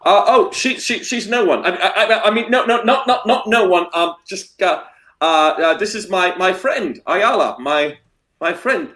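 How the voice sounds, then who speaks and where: A man stumbles over his words while role-playing at a tabletop game. His voice swings widely up and down and sits a touch high, and he stammers nervously. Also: lively intonation, moderate pace, fairly bright tone, reverberant. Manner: flustered, stammering. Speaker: player. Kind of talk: in-character role-play.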